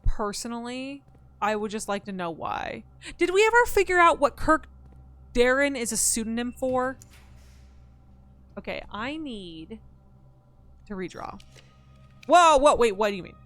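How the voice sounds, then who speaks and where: A woman's voice: on the high side, sing-song, measured pace, long pauses, a bit bright, dry recording, soft background music. A woman streaming a puzzle game, thinking aloud, talking back to her chat and to the game's characters, and swearing in frustration. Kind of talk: live-streamed gameplay chat.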